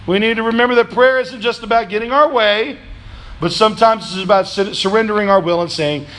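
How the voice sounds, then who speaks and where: A man pastor preaching a sermon in a church, calling for answers from the congregation, swinging between loud, shouted pleas and low, quiet reflection. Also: fairly even intonation, fairly quick. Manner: preaching with call-and-response, rising to shouts then dropping low. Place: church sanctuary.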